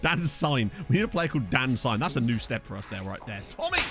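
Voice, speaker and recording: A man's voice: mid-range voice, expressive, fast talker, a bit bright, soft background music. A man chatting casually on a game live stream, rambling and joking while he reads out messages from his chat. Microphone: desk microphone.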